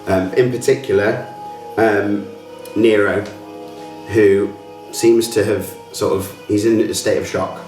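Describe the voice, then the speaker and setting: Man game master, low voice, rambling narration, roomy sound from a distance. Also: fairly even intonation, takes it slowly, darkish tone, faint music behind. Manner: rambling, full of fillers.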